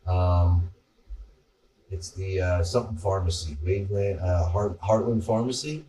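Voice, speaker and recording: A man's voice: low-pitched, unhurried, mellow, far from the mic, slight background noise. A man co-hosting a casual podcast, telling rambling stories with some profanity. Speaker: podcast co-host. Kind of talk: casual chat.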